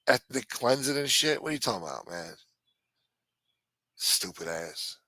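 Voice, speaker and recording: A man's voice: mid-range voice, very animated, fast talker, bright, forceful tone, no room sound. A middle-aged man hosting a live stream, ranting bluntly and swearing constantly. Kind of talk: profane ranting monologue.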